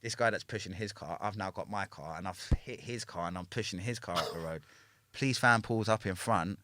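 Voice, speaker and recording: Low-voiced london guy on a podcast, swearing a lot, keeps tagging "yeah?", dry sound. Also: brisk, pushed and bright, no room sound. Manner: swears freely, ends lines with a questioning "yeah?". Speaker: podcast guest. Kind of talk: casual storytelling chat.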